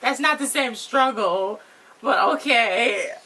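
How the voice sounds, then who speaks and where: A woman's voice: a little high, slow, pushed and bright, a little hiss or hum. A woman co-hosting a casual reality TV recap, questioning and pushing back on her co-host's points. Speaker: co-host of a reality show recap channel. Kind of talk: casual chat recapping a TV episode.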